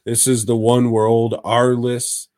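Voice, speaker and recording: A man's voice: mid-range voice, completely flat delivery, unhurried, a little mellow, no room sound, clean studio sound. A man co-hosting a podcast, casually and profanely retelling a horror episode with jokes. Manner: profane, jokey storytelling. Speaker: podcast co-host.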